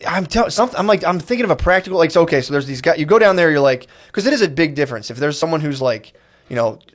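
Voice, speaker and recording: Dude rambling fast on a podcast, cussing, acting out what people say. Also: male voice, fairly high pitch, animated. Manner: rambling, swearing, acting out quotes. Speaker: podcast co-host. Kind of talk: casual podcast chat.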